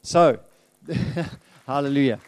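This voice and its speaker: A man's voice: mid-range voice, slow, smooth, dry recording. A middle-aged man giving a candid, conversational testimony as a guest speaker in a church, laughing often and restarting his sentences.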